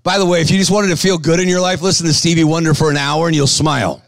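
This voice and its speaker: A man preaching a sermon to a live crowd, shouting to rouse the audience and calling for responses. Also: fairly high pitch, steady tone, no room sound. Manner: bursts of quick patter between slow, stressed lines.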